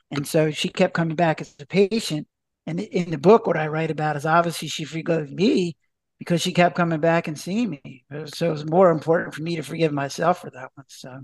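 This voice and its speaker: A man's voice: on the high side, steady tone, normal speed, no room sound. A man, a doctor and author, answering podcast interview questions in a chatty way, full of restarts and acted-out dialogue.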